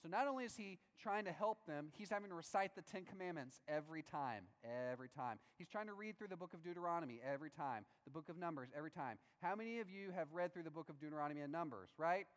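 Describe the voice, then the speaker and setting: A man preaching a sermon in a lively, animated way, acting out the voices of biblical figures. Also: fairly high pitch, quick pace, hardly any pauses, long reverb tail.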